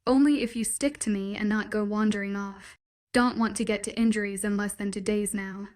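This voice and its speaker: A woman's voice: mid-range voice, steady tone, a little fast, darkish tone, close to an everyday voice. Woman voicing a cocky young werewolf leader. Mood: firm. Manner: playful, cocky, firm. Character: teasing young male werewolf pack leader. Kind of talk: audiobook romance reading.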